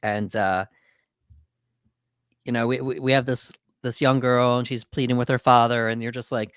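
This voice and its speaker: A man's voice: medium pitch, steady tone, normal speed, clean tone, dry recording, clean studio sound. A man co-hosting a podcast, casually walking through a horror movie in a laid-back way with lots of fillers. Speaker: podcast co-host. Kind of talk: casual movie breakdown chat.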